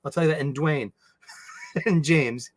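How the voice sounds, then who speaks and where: A man chatting casually on a livestream, rambling and animated, often breaking into laughs. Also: a little high, unhurried, no room sound. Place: home studio.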